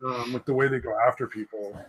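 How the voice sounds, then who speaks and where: A man's voice: medium pitch, steady tone, quick pace, fairly bright tone, poor audio. Rambling man on a casual podcast. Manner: rambling, hedges with "I mean" and "like". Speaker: podcast host. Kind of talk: casual profane chat.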